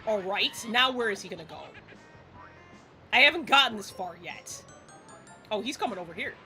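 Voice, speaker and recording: A woman's voice: medium pitch, expressive, normal speed, bright, forceful tone, faint music behind. A woman around forty giving casual live gameplay commentary as a streamer, exasperated and swearing freely.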